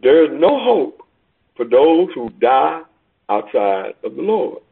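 A man preaching a sermon over a call, emphatic, swinging between loud peaks and quiet asides. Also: mid-range voice, very animated, slow, vocal fry, slightly rough. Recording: tinny phone line.

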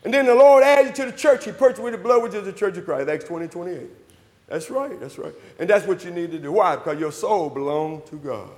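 A high-voiced man preaches in a church, firing questions at his listeners and answering them himself. He swings from loud shouts down to near murmurs. The sound rings with a long hall reverb. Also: a little fast. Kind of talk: sermon.

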